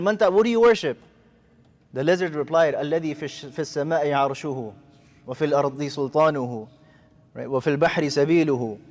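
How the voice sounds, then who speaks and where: Fast-talking man preaching a story sermon. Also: on the high side. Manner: fast storytelling, acting out quoted speech. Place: mosque.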